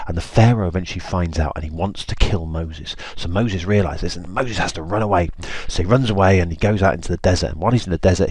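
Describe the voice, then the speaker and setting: Low-voiced man retelling a Bible story. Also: a little mellow, husky, no room sound. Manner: informal, chatty, with restarts.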